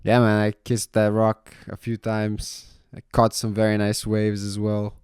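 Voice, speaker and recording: Laid-back, low-voiced man telling a story. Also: unhurried, clear, resonant tone, dry recording, studio quality. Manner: laid-back, swears casually, says "man" and "you know" a lot; gets loud and animated when retelling the surf story. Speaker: vlogger. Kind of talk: casual storytelling monologue.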